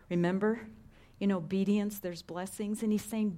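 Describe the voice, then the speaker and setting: A middle-aged woman preaching a sermon in an earnest, conversational way, dropping to hushed tones for emphasis. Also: medium pitch, fairly even intonation, normal speed.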